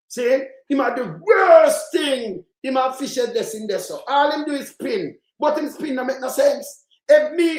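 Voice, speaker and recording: A man with a Jamaican accent hosting his own channel, ranting angrily about politics in a rambling, patois-laced way and swearing often. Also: very high voice. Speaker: channel host. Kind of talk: heated political rant. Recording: roomy echoey sound.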